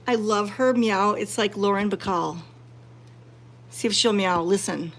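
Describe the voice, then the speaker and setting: A woman live-streaming from a cat sanctuary, chatting casually with viewers and cooing softly at the cats. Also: medium pitch, unhurried. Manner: soft-spoken, cooing baby talk to cats. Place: indoor cat room at a sanctuary.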